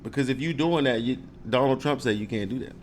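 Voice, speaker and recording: A man talks casually to the camera, animated and joking, acting out confrontations with mock questions. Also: medium pitch, fast talker, slight background noise. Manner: animated, joking, mock-confrontational role-play with frequent laughs. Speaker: speaker giving advice to viewers.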